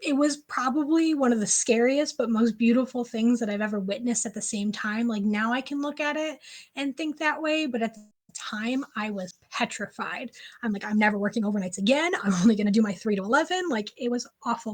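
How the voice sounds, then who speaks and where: A woman guest on a podcast interview, telling a personal story in an animated, casual way, full of "like" fillers. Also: fairly high pitch, brisk.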